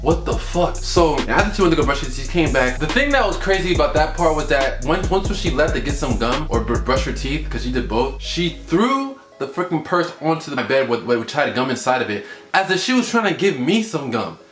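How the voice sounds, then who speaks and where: A young man telling a profane storytime tale, animated and swearing, swinging from low mutters to shouts. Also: a little fast, hardly any pauses. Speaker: vlogger. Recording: echoey room with music underneath.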